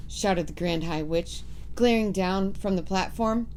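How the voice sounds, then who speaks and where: A woman's voice: medium pitch, unhurried, a little mellow. A woman reading a storybook aloud, narrating vividly in the first person.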